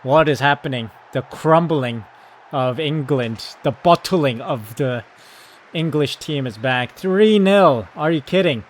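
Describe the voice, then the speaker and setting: Man, excitable play-by-play of a football sim, yells at the team, calm tactics talk. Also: mid-range voice, unhurried. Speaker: gaming YouTuber. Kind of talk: live commentary on a football management game.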